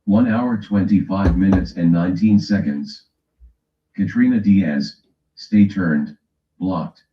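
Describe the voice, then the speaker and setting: A man from the West Coast of the US hosting a casual livestream, teasing his chat and reading a timer aloud. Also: sits low. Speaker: livestream host. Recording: echoey room, dull lo-fi sound.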